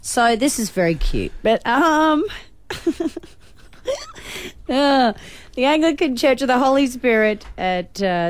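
A woman co-hosting a radio show, teasing and expressive in banter. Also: on the high side, slow pace, long pauses, smooth, no room sound. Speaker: radio co-host.

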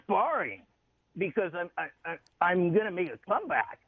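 A radio host putting on a high, stammering impression of a boxer, mocking him. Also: male voice, sing-song, normal speed, slightly rough, dry recording, narrow, tinny audio, exaggerated voice. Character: boxer impression, gruff nasal older man.

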